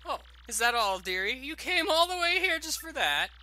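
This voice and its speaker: Man playing vain fussy old dame, haughty, bright and lively, game voice. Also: very high-pitched, normal speed, pitched above the performer's own voice, full character voice. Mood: fretful. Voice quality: haughty, theatrical. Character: pompous, fussy, vain older woman spirit.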